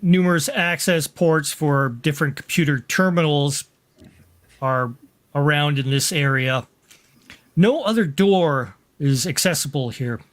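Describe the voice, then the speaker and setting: Higher-voiced man game master. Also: a little slow. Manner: plain descriptive narration. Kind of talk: narrating a sci-fi tabletop game.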